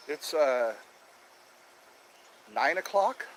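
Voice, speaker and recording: Outdoors among chirping birds, a man hosts a casual live stream, cheerfully chatting and repeating himself as he greets viewers. His fairly high, slightly bright voice is very animated yet unhurried, with a little background noise.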